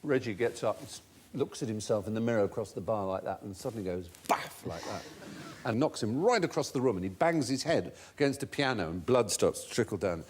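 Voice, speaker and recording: A man's voice: lowish voice, fast talker, slight background noise. A man hosting a TV quiz show in a studio, telling anecdotes with relish. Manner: animated anecdotal, puts on voices for quotes. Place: TV studio before an audience.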